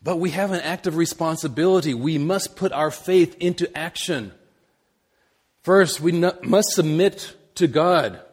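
Man, middle-aged, preacher, sermon, halting repeats, animated storytelling. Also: a little high, husky. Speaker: missionary preacher.

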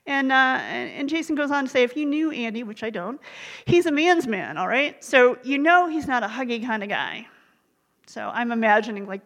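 A woman's voice: on the high side, fairly bright tone, long reverb tail, poor audio. A woman leading a devotional book study, retelling stories in a conversational way with wry asides. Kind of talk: conversational storytelling.

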